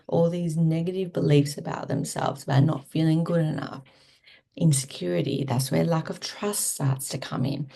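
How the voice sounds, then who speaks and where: A woman's voice: deep voice, gravelly, dark tone, husky. A woman relationship coach giving casual, candid advice to camera, often checking in with "okay?" and restarting words as she goes. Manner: candid, occasionally swears.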